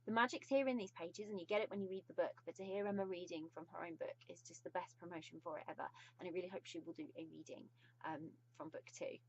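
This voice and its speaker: With a fairly low, husky voice, a woman with a British accent reviews a book on video in a casual, gushing way, pausing frequently. The recording's high frequencies are cut off.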